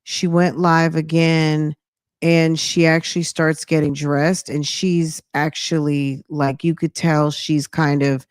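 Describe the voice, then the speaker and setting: A woman's voice: sits low, level tone, slow pace, clear, resonant tone, no echo, studio quality. A woman hosting a podcast, chatting casually as she retells what happens in the clips. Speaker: podcast host. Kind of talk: casual true-crime commentary.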